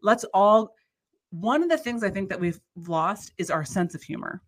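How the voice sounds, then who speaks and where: A woman casually telling a long anecdote in conversation. She rambles with restarts and acts out the people in her story with big jumps in pitch. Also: big pitch swings, normal speed. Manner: rambling, many restarts and fillers.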